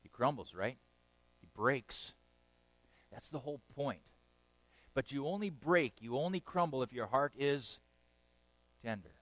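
A male pastor preaching a sermon, moving between loud emphatic bursts and quiet, low passages and often checking in with "okay?". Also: animated, a little slow, pauses often, no room sound, low-quality recording.

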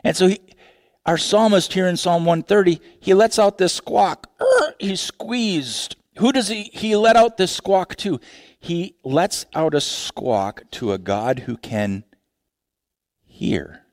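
A male pastor delivering a sermon at an unhurried, deliberate pace. His delivery is expressive, dropping low and quiet, then rising high and emphatic, and he often restarts phrases. The sound is dry and close, with little room echo. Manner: expressive preaching with big pitch swings, repeated restarts.

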